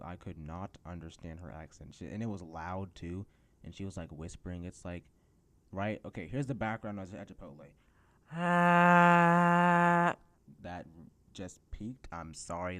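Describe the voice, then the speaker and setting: A man's voice: deep voice, a little mellow. A teenage guy hosting a solo podcast, ranting sarcastically about his job hunt. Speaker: podcast host.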